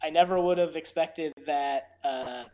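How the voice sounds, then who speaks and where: A man's voice: fairly high pitch, a little slow, a little mellow. A man co-hosting a casual podcast chat, with dry, wry remarks. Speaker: podcast co-host.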